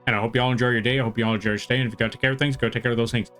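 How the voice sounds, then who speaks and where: A man's voice: medium pitch, fairly even intonation, very fast, a bit bright, faint music behind. Laid-back American man with a slight twang. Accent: American with a slight Southern twang. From western United States. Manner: friendly, rambling, greets chat by name. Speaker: art streamer. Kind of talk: casual live-stream chat.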